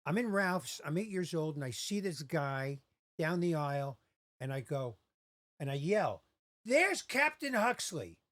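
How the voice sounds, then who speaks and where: In a casual podcast chat, a man in his sixties tells a personal story at a measured pace, his voice sitting on the high side. He animatedly acts out the voices of the people involved, and there's no room sound.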